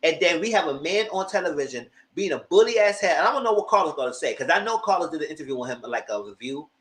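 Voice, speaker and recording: A man's voice: on the high side, expressive, quick pace, fairly bright tone. A man giving a casual live review of a reality TV show, retelling scenes with exasperation and cursing.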